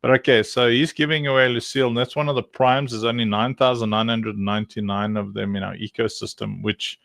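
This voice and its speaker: A man's voice: medium pitch, fairly even intonation, a little fast, vocal fry, fairly bright tone, no echo. A man from South Africa with a South African accent, hosting a livestream in casual, joking chat with many fillers. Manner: joking, laughs often, rambling with many fillers. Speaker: livestream host.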